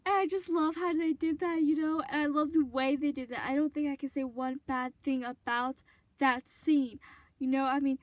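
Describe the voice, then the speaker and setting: A woman's voice: high voice, fairly even intonation, moderate pace, no echo. A woman hosting a fan video, retelling a favorite scene in a rambling, gushing way with lots of ums and restarts. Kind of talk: casual fan commentary vlog.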